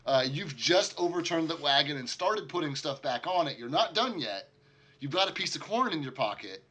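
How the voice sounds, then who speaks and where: Bright-voiced man running a tabletop game. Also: fairly high pitch, sing-song. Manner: laughs often, quick asides. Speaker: game master.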